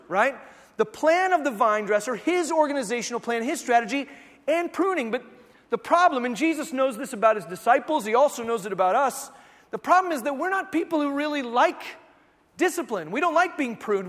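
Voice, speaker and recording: A man in his thirties preaching a sermon, telling stories and acting out the voices in them, sometimes rising to shouts. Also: extremely high pitch, in a large hall. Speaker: pastor.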